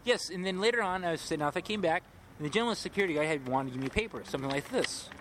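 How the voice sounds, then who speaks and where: A man's voice: fairly high pitch, expressive, very fast. A homeless man rambling agitatedly through his story in a street interview, repeating himself. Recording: noisy outdoor street recording.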